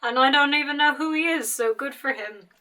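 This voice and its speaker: A young woman guest on a casual podcast, her voice bright and slightly higher than average. She speaks playfully, teasing and hedging with filler words and little backtracks. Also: a little fast.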